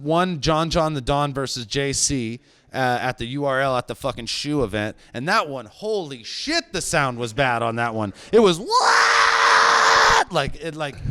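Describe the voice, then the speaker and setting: A man's voice: on the high side, expressive, moderate pace, fairly bright tone, no room sound, raised voice, clean studio sound. A man hosting a casual podcast chat, laid-back, swearing and laughing often. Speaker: podcast host.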